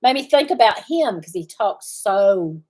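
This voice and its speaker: A middle-aged woman with a drawl talks casually to her livestream viewers from the farm. Her speech rambles from thought to thought, with frequent pauses while she searches for a word. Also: mid-range voice, big pitch swings, a little mellow. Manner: rambling, often searching for words. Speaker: farm channel host.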